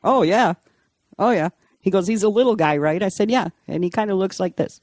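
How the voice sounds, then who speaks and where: A woman's voice: mid-range voice, expressive, brisk, darkish tone. A middle-aged woman talks as a podcast guest, recounting stories casually and laughing between lines. Her voice has a dry, close sound with no room echo. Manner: chatty, laughs often while telling stories. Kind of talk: casual storytelling.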